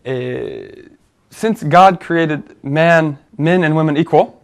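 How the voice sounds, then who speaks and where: A man with a fairly high speaking voice leads a relaxed talk show discussion. He works through an argument step by step, pausing on fillers and restarting sentences as he thinks aloud. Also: vocal fry. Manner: thoughtful, explaining step by step with many fillers and restarts. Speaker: co-host. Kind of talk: conversational discussion.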